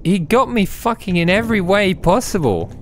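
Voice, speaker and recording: A man with an Irish accent chatting casually while playing a retro game, cursing and shouting at it. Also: high voice, normal speed, slight background noise. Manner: sweary, excitable outbursts while playing. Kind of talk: casual gaming chat.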